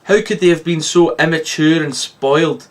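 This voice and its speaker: A man reads his own short story aloud. His voice sits slightly high and stays lively. He stumbles now and then and corrects himself. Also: normal speed. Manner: lively read-aloud narration with small slips.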